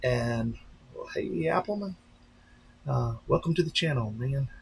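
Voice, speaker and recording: A man's voice: mid-range voice, animated, unhurried, vocal fry, a little hiss or hum. A man, a pastor, chatting casually on a live stream, rambling and talking straight to his viewers. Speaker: pastor and drone-racing streamer.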